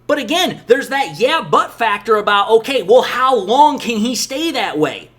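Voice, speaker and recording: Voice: mid-range voice, sing-song, normal speed, fairly bright tone. A sports channel host giving emphatic, exasperated opinion commentary on football. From Detroit area, USA.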